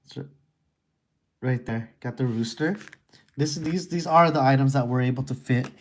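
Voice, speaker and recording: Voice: medium pitch, normal speed. Goofy streamer rambling thru a puzzle game, cracking dumb jokes, reads the text out. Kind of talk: casual puzzle walkthrough.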